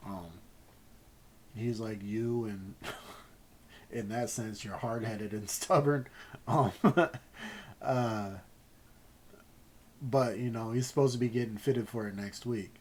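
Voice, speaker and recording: A man telling a personal story in a casual, rambling way, halting often and swearing freely. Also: lowish voice, fairly even intonation, a little mellow, low-quality recording. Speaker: gaming channel host.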